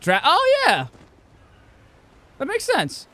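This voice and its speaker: A man's voice: very high voice, huge pitch swings, takes it slowly, sharp tone. A man streaming a game, chatting casually and profanely with friends, rambling and correcting himself as he goes. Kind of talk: casual gaming stream chat.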